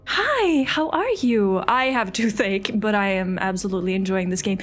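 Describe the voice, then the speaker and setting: A young adult woman streaming a game, chatting casually and excitably, swearing freely and thanking viewers by name. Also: fairly high pitch, measured pace, soft background music. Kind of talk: casual live-stream chatter while playing.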